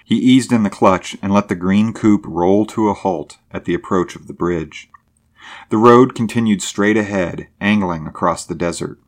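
A man reads a story aloud in a steady, measured narration. His voice sits on the low side. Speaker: audiobook narrator. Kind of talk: scripted narration.

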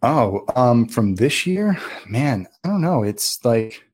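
A man, a filmmaker guest, telling stories in a casual, animated interview, full of filler words. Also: mid-range voice, takes it slowly, husky, no echo, studio quality.

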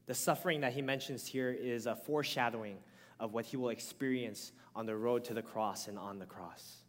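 A man preaching a sermon, telling a personal story in an animated way and often checking in with the congregation with "right?". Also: medium pitch. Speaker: pastor. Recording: long hall reverb.

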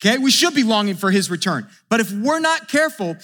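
A man in his thirties preaches with a high, bright voice that rings out through a church with a long reverb tail. He's animated and plays out scripture dialogue, then pulls back into hushed asides. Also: fast. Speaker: pastor. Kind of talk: sermon.

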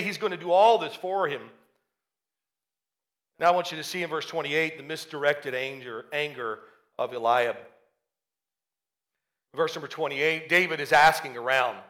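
A male preacher telling a Bible story in an animated sermon, often acting out its characters. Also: on the high side.

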